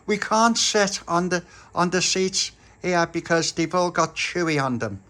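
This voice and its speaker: A man's voice: high-pitched, unhurried, bright, forceful tone, voice pushed up. A man voicing a bossy boy toy who lays down strict rules in a toy story. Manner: bossy, insistent.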